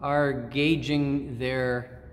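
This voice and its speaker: Middle-aged pastor in a reverberant church. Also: male voice, mid-range voice, little pitch movement. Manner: measured, reflective, with frequent pauses and restarts. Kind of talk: sermon.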